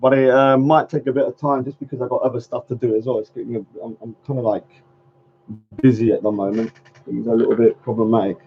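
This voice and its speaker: A man's voice: mid-range voice, little pitch movement, fast, slight background noise. A man hosting a casual livestream chat, rambling, laughing often and trailing off mid-sentence. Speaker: livestream host. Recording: dull lo-fi stream audio.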